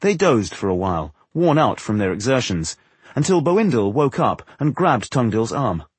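Husky, expressive male narrator. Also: medium pitch, no echo. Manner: measured, expressive storytelling. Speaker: audiobook narrator. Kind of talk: scripted narration.

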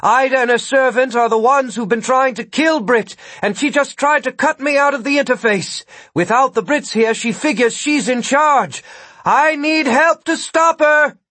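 A man's voice: medium pitch, expressive, normal speed, breathy edge, dry recording. A man voicing a stubborn, determined sorceress who speaks in a wry, blunt way, in a read-aloud fantasy story. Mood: shouting urgently.

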